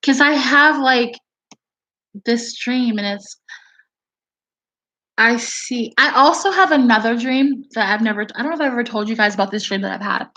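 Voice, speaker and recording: A woman vlogging to her viewers in a casual, rambling, excitable way, swearing now and then. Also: fairly high pitch, normal speed, long pauses, low-quality recording. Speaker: video blogger.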